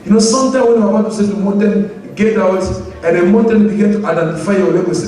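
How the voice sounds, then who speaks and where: A man's voice: high-pitched, a little fast, mellow. A man preaching a sermon to his church in emphatic, repetitive, non-standard English, asking the congregation to answer him. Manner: asks the congregation for responses. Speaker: pastor. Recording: very echoey room, mic at a distance.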